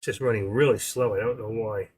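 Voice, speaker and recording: A man's voice: lowish voice, fairly even intonation, fairly quick, a little mellow, slightly rough. An older man hosting a trading livestream, chatting in a casual, rambling, jokey way.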